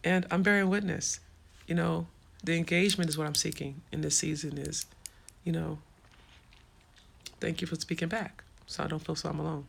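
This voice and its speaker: A woman's voice: deep voice, fairly even intonation, normal speed, gravelly, pauses often, slightly rough. A woman hosting a casual livestream, frankly answering viewer comments in a streetwise way. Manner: frank and streetwise, swears freely. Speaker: livestream host.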